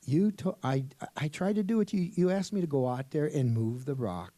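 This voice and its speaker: A man's voice: a little high, lively intonation, normal speed, mellow, no echo, pitched above the performer's own voice. A man voicing a distraught, pleading ordinary man who stammers as he explains himself. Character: anxious, pleading adult man.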